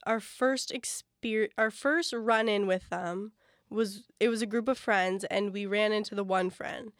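A woman's voice: mid-range voice, steady tone, measured pace, no room sound, clean studio sound. A young woman in a casual chat, self-deprecating and full of trailing fillers. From Canada. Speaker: podcast co-host.

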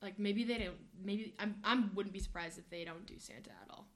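A woman's voice: mid-range voice, a little fast. A young woman co-hosting a casual chat, reacting playfully and asking questions. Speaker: podcast co-host.

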